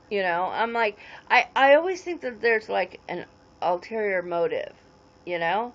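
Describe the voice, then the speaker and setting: A woman's voice: mid-range voice, animated, normal speed, muffled recording. Rambling woman chatting on a livestream. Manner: rambling, greets viewers and answers comments as they come. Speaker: livestream host. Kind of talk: casual livestream chat.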